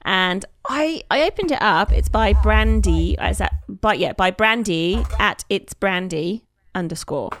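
Woman, podcast co-host, casual chat, expressive pitch, exclaims often, quick to laugh. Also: no room sound.

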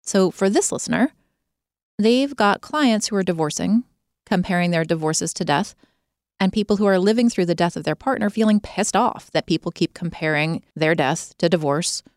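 A woman hosting a podcast, talking straight to listeners in an expressive, emphatic conversational monologue. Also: fairly low pitch, moderate pace, no room sound, studio quality. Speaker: podcast host.

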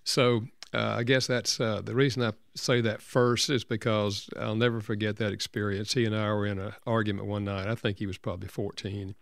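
An older man speaks as an interview guest, telling a personal story in an earnest, gentle way. His voice is lowish and gravelly, with a slight fry. The sound is close and dry, with no room around it. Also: little pitch movement, brisk, few pauses, dry recording. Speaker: counselor and author guest.

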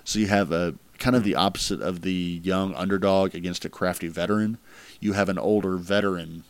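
Male host, casual rambling chat, deep voice, dry sound. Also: steady tone, a little fast, dry recording. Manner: rambling, filler-heavy, laughs at crude jokes. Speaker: podcast host ranking wrestling matches.

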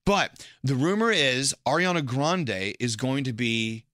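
A man hosting a radio show, chatting playfully about entertainment news in a casual, animated way. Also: mid-range voice, a little slow, dry recording, studio quality.

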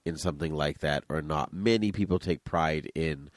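A man's voice: very deep voice, moderate pace, no echo, studio quality. A man from Massachusetts, co-hosting a casual movie podcast, chatty and rambling. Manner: chatty, rambling, easily laughing. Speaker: podcast co-host.

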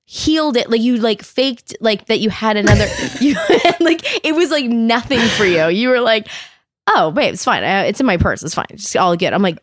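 A woman in her thirties tells stories in a casual chat, scattering "like" through every sentence and acting out each quote. Her voice sits at a middling pitch. It is recorded close on a mic in a dry room with no echo. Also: normal speed. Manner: animated storyteller, heavy "like", acts out quotes.

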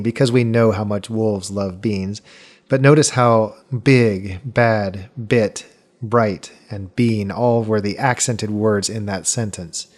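A man's voice: fairly low pitch, darkish tone. A man hosting a podcast, earnestly explaining and correcting his own past mistakes in a careful monologue. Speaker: podcast host.

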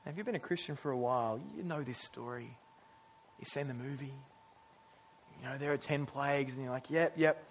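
A male pastor preaching a sermon, earnest and emphatic, with storytelling pauses and casual asides. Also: mid-range voice, fairly even intonation, slight background noise.

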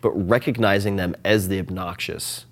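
A man talking as a guest in a casual interview, animated and self-deprecating, often restarting and filling with "like". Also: sits low, normal speed. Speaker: podcast guest.

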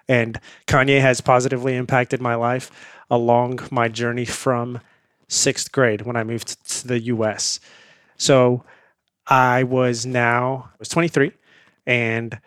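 A man from India, speaking as a guest in a casual interview. He tells his story in a lively, anecdotal way and laughs easily. The recording is dry and close, with a voice of middling pitch. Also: a little slow, no echo.

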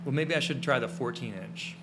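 A man co-hosts a live-streamed photography podcast in a loose, rambling way, with plenty of fillers and restarts. His voice has a bright, forward edge. A faint hum sits behind him in his small studio. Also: medium pitch, fairly quick. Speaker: podcast co-host and photography teacher.

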